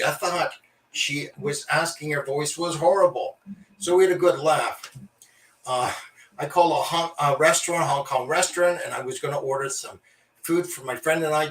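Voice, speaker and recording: Canadian male host, higher voice, jokey storyteller, roomy mic from a distance. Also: moderate pace, a bit bright, a little hiss or hum. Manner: jokey, mimics callers and accents. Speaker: comedy show host. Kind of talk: stand-up style storytelling with put-on voices. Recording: roomy sound from away from the mic.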